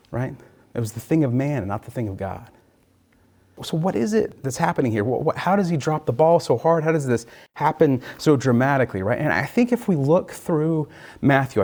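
A man giving an easygoing sermon on scripture, with a mellow, warm tone. He talks things through loosely, stops to check in with his listeners, and keeps his pitch in an ordinary middle range. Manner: casual and thinking aloud, often checking in with listeners. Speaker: preacher. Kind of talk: conversational Bible teaching.

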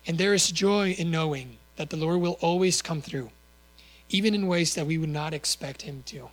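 Earnest male preacher, slightly high voice. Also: moderate pace, rough recording. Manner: earnest, with rhetorical questions and small self-corrections. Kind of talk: sermon.

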